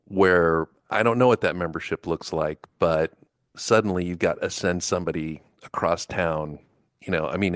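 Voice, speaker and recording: A male podcast host with a very deep voice. The sound is dry and close. He builds his question slowly through everyday examples. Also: no room sound. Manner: thinks aloud, rambling examples. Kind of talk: interview questions.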